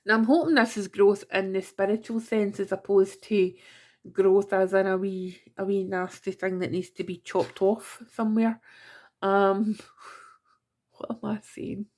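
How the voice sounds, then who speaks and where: A Scottish woman gives a casual monthly tarot reading, chatting away, poking fun at herself and slipping in giggly asides. Her voice sits at a medium pitch with a steady, unhurried delivery and a slightly dark tone.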